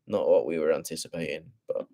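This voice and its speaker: A man's voice: a bass voice, steady tone, fast talker, creaky, mellow. A young man casually talking through forex charts, thinking aloud in profane, slangy speech. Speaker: forex trader.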